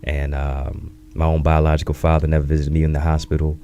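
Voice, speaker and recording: A man in his thirties, an author and speaker, telling his life story in an interview in a reflective, measured way, with catchy sayings. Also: extremely low pitch, monotone, warm tone, slight background noise.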